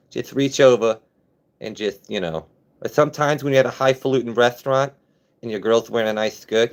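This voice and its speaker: Loose and profane, a man from Maryland in his late thirties jokes around casually with viewers over a phone live stream. His voice is lowish, clear, and resonant.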